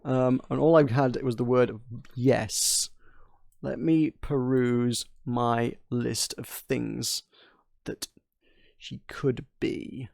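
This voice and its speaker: Creaky-voiced playful male streamer. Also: medium pitch, fairly even intonation, drawn-out words, darkish tone, no room sound, studio quality. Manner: rambling self-talk, playful, stumbling over words. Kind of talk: live-streamed game reading with voices.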